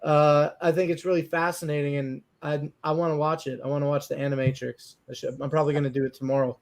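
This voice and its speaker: A man's voice: fairly high pitch, quick pace. A man co-hosting a casual podcast chat, rambling and swearing as he talks. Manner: rambling, profane, excitable. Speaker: podcast co-host.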